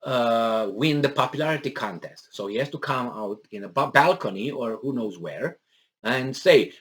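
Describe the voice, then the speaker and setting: A man's voice: mid-range voice, expressive, normal speed, a crowd in the background. A man reads out news items and breaks off to mock them. His talk rambles, full of fillers and restarts, and has a sarcastic bite. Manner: sarcastic, mocking asides and put-on impressions. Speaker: political commentary vlogger. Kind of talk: casual monologue reading and commenting on news.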